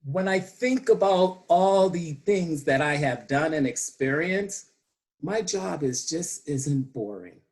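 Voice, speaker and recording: A man delivers a prepared humorous speech to his club over a video call. He speaks slowly, leaning on dramatic pauses. His pitch rises and falls in a lively way as he tells the story.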